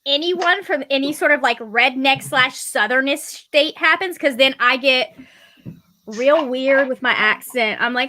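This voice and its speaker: A woman chatting on a video call with friends, giggly and animated. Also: sits high, a little slow. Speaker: co-host. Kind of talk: casual group chat over video call.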